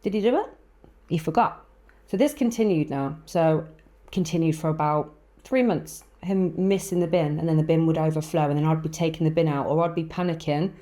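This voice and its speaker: Low-voiced woman telling a story. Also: a little fast. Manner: animated storyteller, acts out quotes, laughs often. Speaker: podcast co-host. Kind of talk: casual chat.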